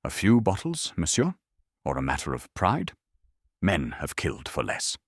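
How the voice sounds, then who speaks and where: Male narrator doing a precise Belgian sleuth, deep-set and calm, voice swinging expressively; measured and exacting. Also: slightly rough, dry recording, studio quality, heavily acted. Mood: probing. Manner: measured and exacting, formal address.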